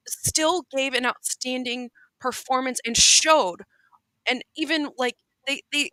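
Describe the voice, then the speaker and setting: A woman co-hosts a casual podcast, speaking with earnest, heartfelt emphasis and frequent restarts. Her voice is bright and sits a little high. The sound is dry and close. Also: dry recording, rough recording. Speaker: co-host.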